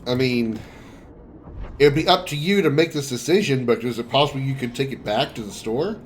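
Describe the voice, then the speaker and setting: A man's voice: medium pitch, moderate pace. A male streamer chats casually over his gameplay in a mid-range voice. He is wry and self-deprecating, with a faint hiss of noise behind him.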